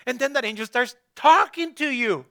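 A man's voice: very high-pitched, animated, normal speed, sharp tone. A man preaching a conversational sermon, asking his listeners rhetorical questions and addressing some of them by name.

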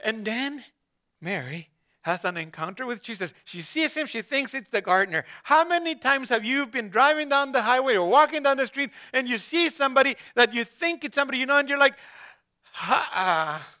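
A man's voice: very high-pitched, expressive, a little fast, sharp tone. A man preaching a conversational sermon, asking his listeners rhetorical questions and addressing some of them by name.

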